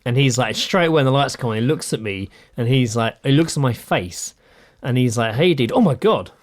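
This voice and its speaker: Speaking a little fast at medium pitch, this man co-hosts a podcast and tells a story in a casual way. He's animated, voicing other people's lines himself, with plenty of swearing.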